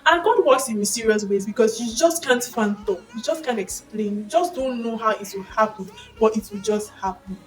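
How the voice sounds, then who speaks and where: A young woman with a Nigerian accent shares a personal testimony in a casual vlog. She tells it expressively and breaks into excited exclamations. Her voice sits a little back from the microphone over faint background music. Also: a little high, recorded from a distance, poor audio. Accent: Nigerian English. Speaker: vlogger sharing a faith testimony.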